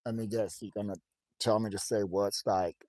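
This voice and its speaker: A man with a German accent chatting casually as a dog trainer, lively and explaining patiently. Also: fairly low pitch, moderate pace, dry recording. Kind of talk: casual chat.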